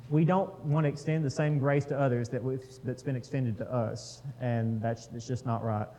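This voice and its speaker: A man's voice: mid-range voice, fairly even intonation, normal speed, mellow, rough recording. A man leading a casual Bible study, talking with the group, putting questions to them and reading scripture aloud.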